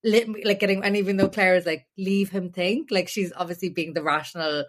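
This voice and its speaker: A young woman co-hosting a podcast talks fast in a lowish voice. Her casual chat rambles, packed with fillers and restarts.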